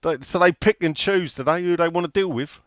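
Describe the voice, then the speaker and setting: A man's voice: a little high, fairly quick, a bit bright, no echo, studio quality. A man hosting a casual football chat, reading out listener questions in a blunt, sweary way.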